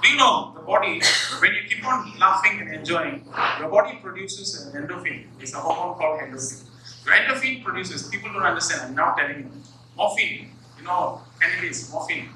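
A man, a professor, giving an animated, humorous motivational talk and acting out little scenes. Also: high-pitched, fairly quick, background noise. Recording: echoey hall, far from the mic.

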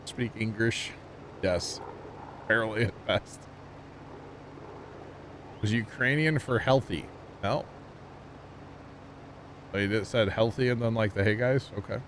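A man's voice: fairly low pitch, slow, pauses often, fairly bright tone, slight background noise. A man with a Midwestern accent streaming a game, chatting casually with his viewers in a rambling way full of fillers. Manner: rambling, chatty, talks to chat with many fillers. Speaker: gaming streamer. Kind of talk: casual livestream chat while playing.

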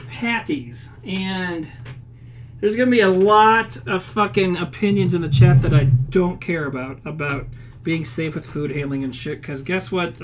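A woman's voice: fairly low pitch, noisy background. A woman with a Northern Plains Midwestern accent chatting bluntly on a cooking stream, swearing freely and answering her chat as she cooks in a home kitchen. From Upper Midwest, United States. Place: home kitchen with food frying. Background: faint sizzling and frying.

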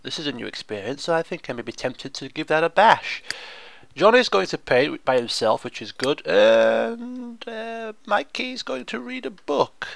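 A man giving chatty, excitable commentary on a video game, often laughing and exclaiming. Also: sits high, moderate pace, creaky, no echo. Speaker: gaming video host. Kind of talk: let's play commentary.

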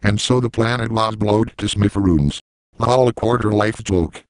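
A man's voice: on the low side, normal speed, a little mellow, no room sound, lightly acted. A male text-to-speech voice playing a leering anime villain who keeps breaking into stiff robotic laughter. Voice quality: smooth synthetic text-to-speech voice.

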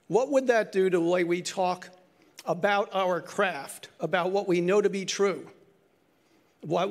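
An older man gives a brief lightning talk at a conference. His voice sits high for a man and has a gravelly, fry-edged texture. He speaks earnestly and reflectively, sometimes correcting himself mid-phrase.

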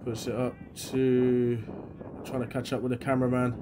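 A man from England, a bit under the weather, doing excitable live commentary on an amateur football match outdoors. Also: medium pitch, normal speed, noisy background. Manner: excitable, shouting at chances, then quiet and matter-of-fact. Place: outdoors at a grassroots pitch.

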